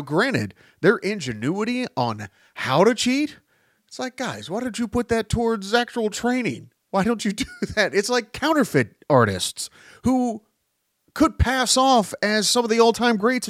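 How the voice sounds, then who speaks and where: Cursing liberally and veering off on tangents, this man rambles through his podcast monologue, his animated voice leaping upward to stress points. His pitch is fairly high, and the recording is dry and studio-clean.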